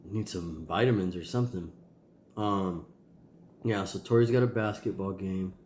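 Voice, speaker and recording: A man's voice: deep voice, moderate pace, a little mellow, roomy sound, slight background noise. A man with a nasal voice, a tired and sore father talking casually to his kids in a rambling video diary. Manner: rambling, loose, with many ums and sighs.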